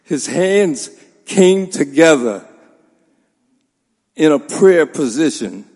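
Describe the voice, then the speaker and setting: A man, the son-in-law of the deceased, gives a formal funeral tribute in a church, measured and pausing with fillers. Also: fairly high pitch, expressive, gravelly, a little mellow, breathy edge. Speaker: son-in-law giving a eulogy. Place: large church sanctuary. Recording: long hall reverb.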